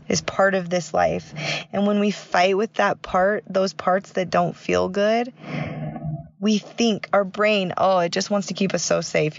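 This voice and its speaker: A woman's voice: on the low side, creaky, no room sound, muffled recording. A woman yoga teacher giving a casual, encouraging motivational talk, speaking straight to her listeners as "you guys".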